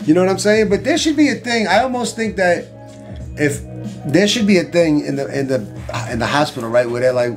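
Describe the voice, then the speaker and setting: A man's voice: on the high side, animated, a little fast, faint music behind. A young man hosting a casual podcast, rambling and joking, often trailing off into questions. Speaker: podcast host.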